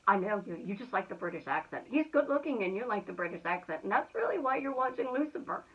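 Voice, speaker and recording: A woman's voice: mid-range voice, big pitch swings, fast, fairly bright tone, slightly rough, exaggerated voice. A woman voicing her husband, who playfully jokes and grumbles at her. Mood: teasing. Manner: joking, mock-exasperated. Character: teasing husband, adult man, playful. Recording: tinny phone-like sound.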